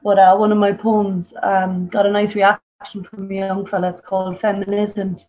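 A woman's voice: medium pitch, flat delivery, normal speed, darkish tone, lo-fi sound. A woman with an Irish accent, a poet who chats about her memories over a weak video call, then recites her poem with emphatic, dramatic delivery. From Ireland. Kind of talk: introducing and performing a poem. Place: home on the coast. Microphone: video call over a weak connection.

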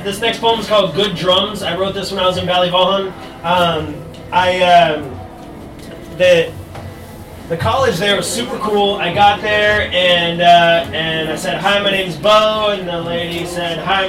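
A young American man performing his poems live on stage, joking shyly between slow, deliberate readings. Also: high-pitched. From United States. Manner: self-deprecating, halting asides between slow deliberate poems. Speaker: poet. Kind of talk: live spoken word poetry reading. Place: stage in a live venue with an audience. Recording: roomy live sound from a distance, music behind.

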